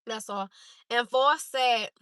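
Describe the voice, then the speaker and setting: Newark jersey lady on a livestream, kinda high bright voice, dry close sound, talking straight to chat. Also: takes it slowly, smooth, no echo, rough recording. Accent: Newark, New Jersey. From Newark, New Jersey. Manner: direct and candid, talks straight to the chat. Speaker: livestream host. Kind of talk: casual chat to viewers.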